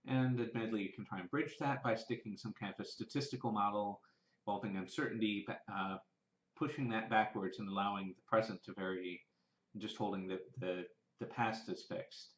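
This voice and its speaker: Southern man, low-ish voice, vlogger thinking aloud, roomy lo-fi sound. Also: fairly even intonation, a little fast. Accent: Southern American. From American South. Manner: rambling, with many restarts and fillers. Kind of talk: casual thinking-aloud monologue. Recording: roomy and dull, lo-fi.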